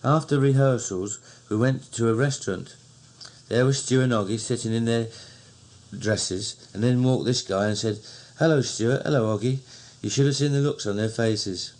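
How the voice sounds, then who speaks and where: A man with a Cockney accent, slowly and fondly recounting old memories in a recorded diary. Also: medium pitch, a little mellow. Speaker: narrator.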